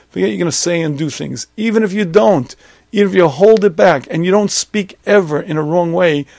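A man's voice: a little high, vocal fry, darkish tone, no room sound. A man giving a Torah lecture as a rabbi, emphatic, repeating phrases and acting out imagined objections.

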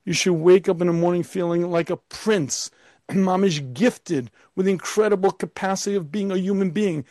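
A man's voice: sits high, normal speed, mellow, no echo. A man giving an emphatic Torah lecture as a rabbi, firing off rhetorical questions and now and then putting on a pompous, arrogant voice.

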